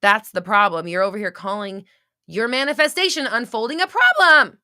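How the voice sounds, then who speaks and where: In a sing-song, fairly high voice with a sharp tone, a podcast host answers listeners during a casual live chat at normal speed. She swears often, uses many fillers and restarts, and acts out little scenes in quoted voices. The recording is dry, with clean studio sound.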